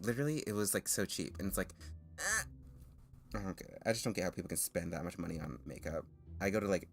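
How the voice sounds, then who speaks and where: A man whose voice sits low chats casually with his stream viewers, a little nervous and self-conscious. He rambles, laughs often, and has frequent false starts and restarts.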